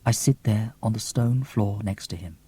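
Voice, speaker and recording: A man's voice: on the low side, moderate pace, dark tone, slightly rough. A man reading an audiobook expressively, with theatrical gasps and whispers. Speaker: audiobook reader.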